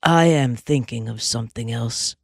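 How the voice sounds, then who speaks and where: A woman voicing a grave, gentle young cowpuncher who talks in plain folksy Western speech, slow and earnest. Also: extremely low pitch, vocal fry, slightly rough, dry recording, studio quality, voice pushed down, exaggerated voice.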